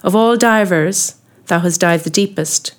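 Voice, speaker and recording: A woman's voice: fairly low pitch, measured pace, natural voice. A woman voicing a brooding, obsessed old sea captain in an audiobook reading, declaiming solemn old-fashioned speech.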